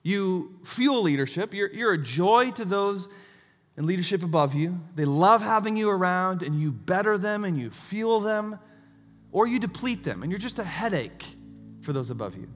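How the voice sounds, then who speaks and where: Man in his 30s, pastor, lively swinging pitch, sermon in a reverberant hall. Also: moderate pace, faint music behind. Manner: animated storytelling with self-mocking asides.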